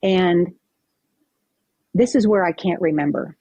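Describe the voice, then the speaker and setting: A woman's voice: fairly low pitch, takes it slowly, breathy edge, no room sound, muffled recording. A woman guest on a podcast, recounting a personal story vividly and acting out what people said. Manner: vivid, animated retelling with acted-out quotes.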